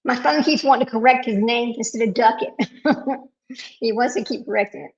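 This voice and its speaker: A woman's voice: a little high, brisk, muffled recording. A woman hosting a casual live stream, talking to viewers while searching her computer and getting frustrated.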